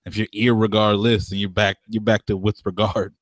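A man's voice: lowish voice, level tone, normal speed, no echo. A man co-hosting a casual chat, talking in slang, swearing freely and laughing often.

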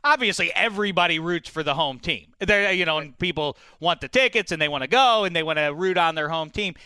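A man's voice: fairly high pitch, bright, forceful tone, clean tone, no room sound. A man hosting a sports talk show, chatting casually and leading the segments. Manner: chatty, quick asides, slips into a playful mock English accent.

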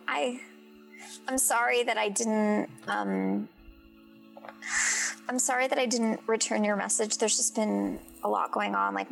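Gravelly-voiced woman rambling in character. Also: medium pitch. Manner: rambling, hesitant, flustered. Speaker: player. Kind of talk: in-character tabletop play.

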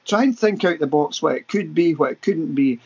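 A man's voice: a little high, lively intonation, a little fast, darkish tone, husky, highs cut off. A Scottish man in his sixties, a podcast guest telling paranormal stories with enthusiasm and vivid repetition. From Scotland. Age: 60s. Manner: enthusiastic, vivid, repeats words for emphasis. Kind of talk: animated anecdotal storytelling.

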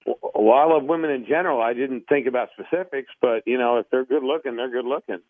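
A man taking a prank phone call, flustered and quick to get worked up, then quick to apologize. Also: medium pitch, dry recording. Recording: tinny phone line.

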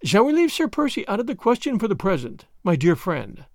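A man's voice: sits high, sing-song, moderate pace, darkish tone, no echo, clean studio sound. A man reading an audiobook, voicing a witty, bored young French noblewoman with a merry, teasing manner. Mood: arch, merry. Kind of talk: audiobook character voice.

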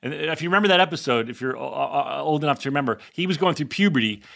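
A man's voice: on the high side, lively intonation, quick pace, vocal fry, a bit bright. A man hosting a podcast in casual chat, rambling and chatty, with bursts of mock indignation. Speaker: podcast host.

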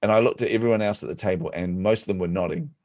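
A man, a podcast guest, telling stories in an animated, self-deprecating way and acting out the voices of people he quotes. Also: fairly low pitch, very fast, dry recording. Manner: self-deprecating humor, frequent laughs. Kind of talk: storytelling in an interview.

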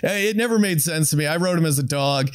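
A man hosting a sports betting show from a studio, relaxed and upbeat. He laughs easily while he sets up picks for his guest. His voice sits slightly high and the recording is dry and close. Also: fast talker, smooth, no room sound. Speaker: sports betting podcast host. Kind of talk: casual sports talk hosting. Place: network studio.

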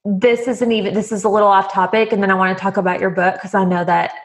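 A woman's voice: mid-range voice, little pitch movement, fast talker. A woman hosting a casual interview, enthusiastic and affirming toward her guest. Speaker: interview host.

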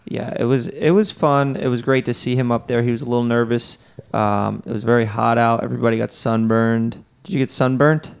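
A man's voice: medium pitch, fairly even intonation, brisk, gravelly, clear, resonant tone. A man co-hosting a podcast in casual chat, joking and rambling through his complaints and reading ads. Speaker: podcast co-host.

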